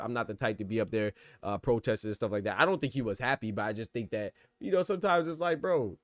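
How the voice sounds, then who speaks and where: A man's voice: medium pitch, no room sound. A man hosting a boxing podcast, talking in a loose casual way and often saying "bro" and "you know what I'm saying". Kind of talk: casual chat reacting to live chat.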